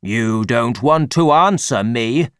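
A man reading an audiobook, voicing a huge, angry, threatening older man who talks loud and slow. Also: medium pitch, lively intonation, smooth, no room sound, clean studio sound. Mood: menacing.

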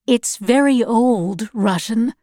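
A woman's voice: a little high, slow, dark tone, no echo, studio quality. A woman voicing an earnest, loving mother in an audiobook reading. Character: worried but loving mother. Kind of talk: audiobook narration.

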